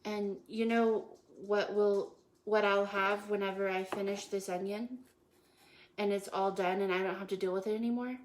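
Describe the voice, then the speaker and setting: A woman's voice: mid-range voice, steady tone, normal speed, rough recording. A woman hosting a casual live cooking show from her home kitchen, joking playfully and punning while she chops. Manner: playful, jokey, self-praising with puns. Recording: kitchen noise with chopping and clicks.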